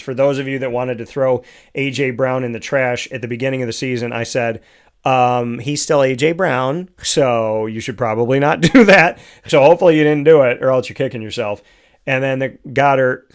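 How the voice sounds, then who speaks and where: Smooth-voiced man reeling off football stats. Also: mid-range voice. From United States. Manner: rattles off stats in quick lists, self-correcting. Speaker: fantasy football show host. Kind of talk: solo sports talk show.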